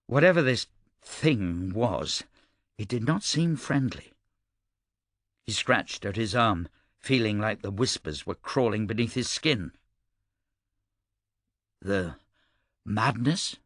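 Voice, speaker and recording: A man reads a scripted audiobook narration in a steady, measured manner. His pitch is fairly low, and the studio-quality recording carries no room sound.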